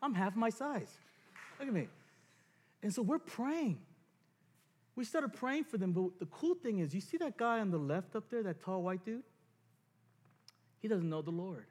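A man preaching a sermon as pastor, animated and self-mocking as he acts out scenes from his story. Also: high voice, a little slow, long pauses, breathy edge, long reverb tail.

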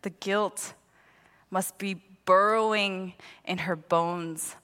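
A young woman preaching a sermon and telling a personal story in an animated way, acting out the voices of the people in it. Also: mid-range voice, slow pace, clear, resonant tone. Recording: long hall reverb.

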